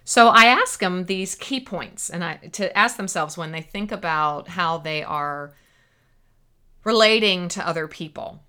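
A woman's voice: lowish voice, a little slow, sharp tone, clean tone. A woman hosting a faith-based self-help podcast as a therapist, talking earnestly and stressing key words by repeating them.

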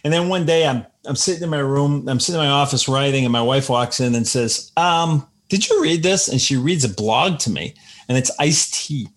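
Man telling lively anecdotes. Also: medium pitch, normal speed. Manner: animated anecdotes, acts out quoted voices. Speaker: author guest. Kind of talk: casual storytelling conversation.

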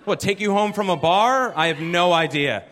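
A man's voice: high voice, moderate pace, fairly bright tone. A male stand-up comedian telling a wry, self-deprecating story with laughing asides, on a handheld mic on a live stage.

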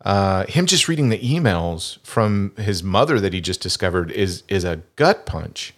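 A middle-aged man with a fairly low voice rambles through a relaxed podcast chat. He often trips over his words and restarts his sentences as he talks. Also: normal speed. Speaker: podcast host. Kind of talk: casual chat.

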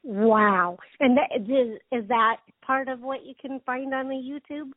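A woman hosting an interview reacts to the story with short, amazed exclamations and quick questions. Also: high voice, steady tone, no echo. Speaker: host. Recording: tinny phone line, dry.

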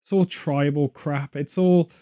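The voice belongs to a British man hosting a podcast: on the high side, dark in tone, with fairly even intonation and a measured pace. It's a casual chat, rambling and jokey, full of tangents.

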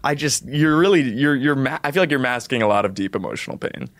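A man's voice: medium pitch, animated, quick pace, a bit bright, no echo. A man playing an awkward, earnest male office coworker who voices concern in a hesitant, blunt way in an improvised comedy sketch.

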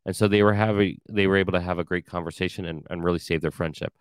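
Podcast host, male, very low and smooth, casual rambling delivery with plenty of "you know" and "um". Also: fairly even intonation, quick pace, no echo. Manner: conversational, frequent fillers, blunt asides.

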